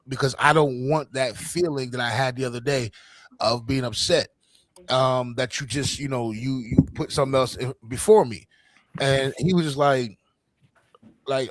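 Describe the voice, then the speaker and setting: A man's voice: mid-range voice, moderate pace, a bit bright, dry recording. A man in his forties, a podcast host telling a family story in a loose, slangy way, laughing often. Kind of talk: casual storytelling chat.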